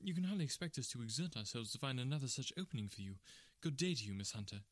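A man voicing a sharp, impatient female agency manageress, speaking curtly. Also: mid-range voice, lively intonation, fast, no echo, natural voice. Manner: curt and clipped.

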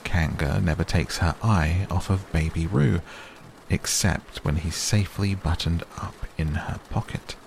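A man voicing a bossy, self-important male rabbit who talks in a brisk, officious way. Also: low-pitched, creaky, a little hiss or hum. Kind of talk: storybook reading.

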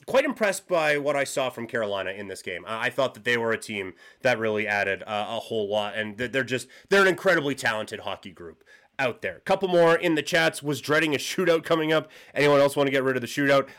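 A man's voice: medium pitch, a bit bright. A man hosting a casual live post-game analysis show, reading chat comments, rambling with fillers and restarts, his voice worn and going from overuse. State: losing his voice.

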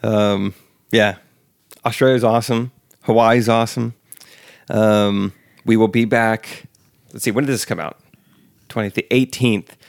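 Easygoing American guy with a gravelly voice. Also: fairly low pitch, steady tone, a little slow, pauses often, no room sound, clean studio sound. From United States. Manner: jokey, easygoing, laughs often. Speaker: podcast host. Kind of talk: casual chat.

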